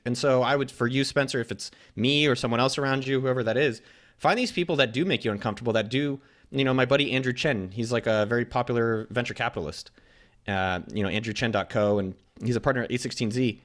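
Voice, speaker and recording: A man chats as an interview guest in a rapid, blunt way. He swears casually and slips into quick impressions of other people. His voice sits at an ordinary pitch. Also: a bit bright. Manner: blunt, fast, swears freely, acts out quotes. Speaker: guest entrepreneur.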